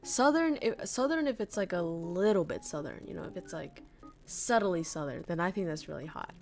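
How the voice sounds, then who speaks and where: A woman's voice: lowish voice, expressive, normal speed, gravelly, darkish tone, soft background music. A young woman from northern Vietnam, candidly chatting with viewers as a streamer, swearing freely and laughing often. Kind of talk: casual chat reading viewer messages.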